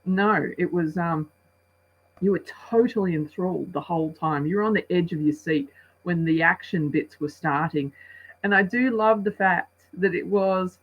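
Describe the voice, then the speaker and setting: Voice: medium pitch, moderate pace, dull audio. A movie reviewer giving a casual spoken review, rambling and chatty, with many restarts and acted-out asides.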